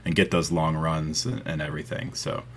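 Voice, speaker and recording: Deep-voiced man co-host, faint hiss. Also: normal speed, vocal fry. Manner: friendly, agreeable, chatty. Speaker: podcast co-host. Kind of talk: casual podcast chat.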